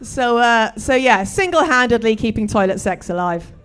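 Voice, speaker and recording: A woman's voice: on the high side, normal speed, clear, resonant tone. Dry British woman doing stand-up. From Britain. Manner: dry, deadpan delivery with bawdy jokes. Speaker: stand-up comedian. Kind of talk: stand-up comedy set.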